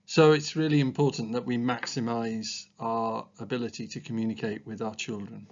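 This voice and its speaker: A man talks through a training presentation in a measured, thoughtful way, often filling pauses with ums and uhs. His voice sits at an ordinary middle pitch, and the recording sounds a little dull and lo-fi. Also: fairly even intonation. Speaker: special school staff trainer. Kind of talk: explanatory training talk.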